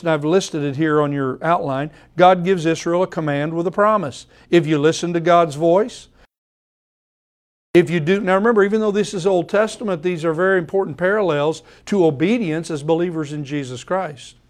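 A man preaching to his congregation at a measured, deliberate pace. His voice sits a little above the usual male pitch. He comes back to the same phrases again and again to hammer a point home. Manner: repeats phrases for emphasis. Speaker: pastor. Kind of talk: sermon.

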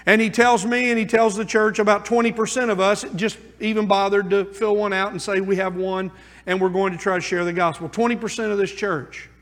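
A man preaching a sermon as pastor, moving between hushed asides and emphatic calls. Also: high-pitched, flat delivery, brisk. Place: church sanctuary. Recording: long church reverb.

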